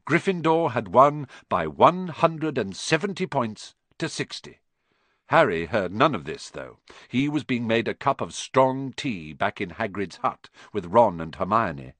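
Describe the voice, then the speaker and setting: A man narrating an audiobook with expressive storytelling. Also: mid-range voice, unhurried, dry recording. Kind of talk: scripted narration.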